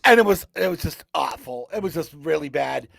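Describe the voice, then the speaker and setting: A man telling a story as a guest on a casual podcast, animated and bursting into loud exclamations. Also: fairly high pitch, fairly quick, gravelly, no echo, studio quality.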